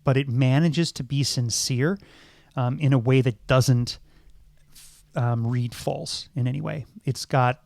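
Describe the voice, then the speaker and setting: A man's voice: medium pitch, steady tone, measured pace, creaky, darkish tone, no room sound, clean studio sound. A middle-aged man and podcast co-host, talking through films thoughtfully, with many ums and restarts. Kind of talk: casual film discussion.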